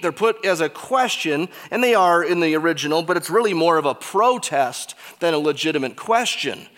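A pastor preaching a sermon, emphatic at times and dropping to quiet asides. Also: male voice, moderate pace, few pauses, long reverb tail. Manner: expressive, swings between emphatic peaks and quiet low asides.

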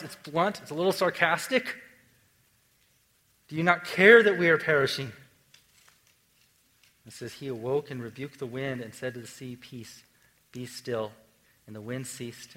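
A man preaching a sermon in a casual, conversational way, moving between lively emphasis and quiet, hushed stretches. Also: mid-range voice, rough recording. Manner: conversational, swings from energetic to hushed. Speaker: pastor.

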